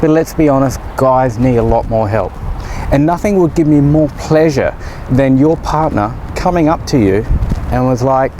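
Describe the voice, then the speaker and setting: Man, cooking show host, casual and encouraging, mellow tone, outdoor grill, faint ambient noise. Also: mid-range voice, normal speed, low-quality recording. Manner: joking, chatty, encouraging. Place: outdoors by a barbecue.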